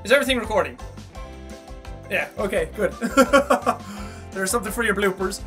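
A man hosting a gaming channel, recording intros at a studio mic with a pop filter, energetic and loud, shouting his openings and laughing often. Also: high voice, moderate pace, loud music behind the voice. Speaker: video game channel host. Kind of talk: recording video intros and outtakes.

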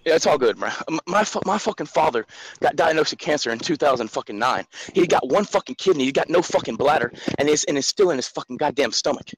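A man's voice: fairly high pitch, animated, fast talker, slight background noise, rough recording. A man in his twenties calling into a live stream, ranting angrily and swearing nonstop. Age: 20s. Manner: furious, profane, shouting. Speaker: caller. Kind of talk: angry rant on a live call-in stream.

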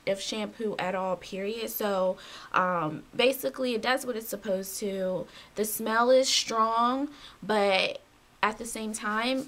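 A woman's voice: mid-range voice, a bit bright. A young woman vlogging a casual hair product review, chatty and loose with fillers, in a just-woke-up morning voice. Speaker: beauty vlogger.

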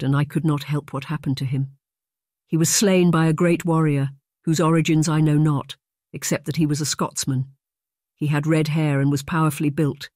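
A woman's voice: sits low, mellow, no echo, studio quality. A narrator voicing a dignified noble lady who speaks formally, trying to keep her composure. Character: noble English lady, composed yet shaken.

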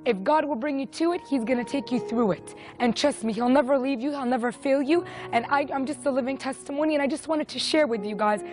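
A woman's voice: high voice, quick pace, hardly any pauses, darkish tone, soft background music. A woman in her twenties giving an earnest, emotional personal faith testimony. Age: 20s. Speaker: testimony speaker.

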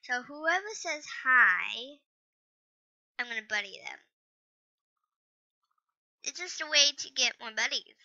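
A gaming channel host chats through an online game in an unhurried, rambling, hesitant manner, often stopping to apologise. Her voice is a little high, very bright and clean, with lively intonation. A lo-fi computer mic dulls it slightly.

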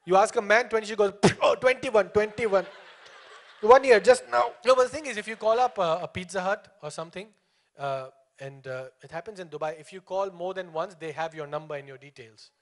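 This young Indian comic has a high-sitting voice and a quick pace. Performing live, he banters energetically with the audience and laughs frequently.

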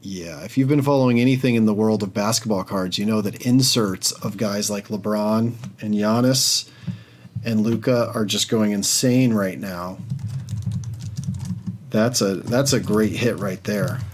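A man co-hosting a live trading card show from a remote link, chatty and excited. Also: fairly low pitch, a little slow, a little hiss or hum.

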